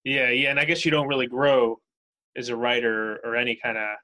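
Bright-voiced agreeable male interviewer. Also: mid-range voice, level tone, fairly quick, rough recording. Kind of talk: casual interview.

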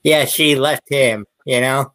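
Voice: medium pitch, fairly even intonation, slow pace, a bit bright. A podcast host in casual interview talk, giving short affirmations and prompting questions.

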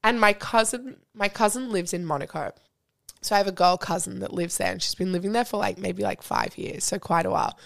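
A young woman, a podcast guest telling a story in casual chat, full of "like" and quick laughs. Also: medium pitch, expressive, vocal fry, a bit bright. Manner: chatty storyteller, lots of "like" and laughs.

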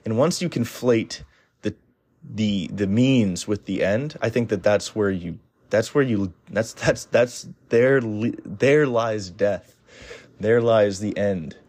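A man's voice: lowish voice, takes it slowly, a little mellow. A man giving a blunt, rambling monologue of advice, full of restarts and fillers. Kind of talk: casual opinionated monologue.

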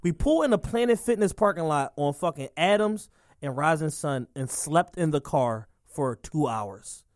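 A man's voice: fairly high pitch, animated, normal speed, no echo, studio quality. A man, co-hosting a podcast and telling a profane, rambling story. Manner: profane, rambling, heavy use of "like". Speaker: podcast co-host. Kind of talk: casual storytelling chat.

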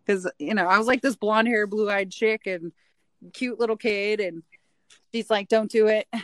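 Woman, 40s, from Nevada, guest, chatty, mimics voices in her stories, medium pitch, dry close sound. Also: no room sound. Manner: chatty, acts out quoted dialogue. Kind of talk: casual chat.

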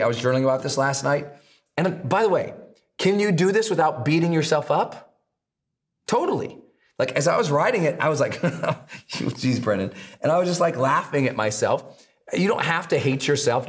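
Emphatic male performance coach. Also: mid-range voice. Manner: emphatic, challenging, shifts into voiced self-talk. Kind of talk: motivational podcast talk.

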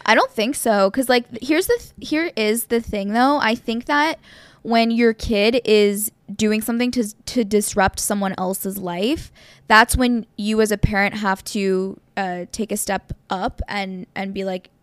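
Animated young woman telling stories. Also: mid-range voice, unhurried, smooth, dry recording. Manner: animated storyteller, frequent "like". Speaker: podcast co-host. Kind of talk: casual chat.

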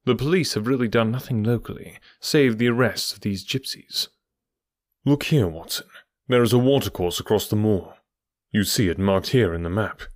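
A man voicing a calm male detective who explains his reasoning step by step. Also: lowish voice, no echo, clean studio sound, lightly acted. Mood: resolute. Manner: measured, methodical explaining.

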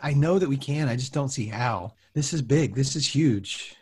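A man doing improv comedy in a playful, giggly manner, reacting quickly. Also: mid-range voice, animated, a little mellow, breathy edge.

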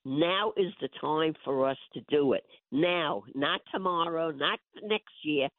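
An older woman calling in on the phone, hoarse from bronchitis, talking in a feisty, emphatic way. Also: low-pitched, measured pace, no room sound. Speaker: host's mother calling in. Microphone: phone line. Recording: tinny phone line.

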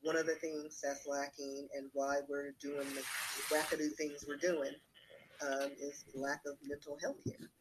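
A man's voice: fairly high pitch, level tone, unhurried, background noise. A man in a casual discussion, speaking frankly in a rambling way with many fillers and asides. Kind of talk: casual chat.

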